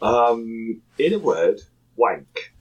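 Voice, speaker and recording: This podcast co-host speaks at medium pitch in a husky voice, very slowly but very animatedly. Recording from a home room in Japan, he laughs, swears and makes dry jokes. The audio has its highs cut off.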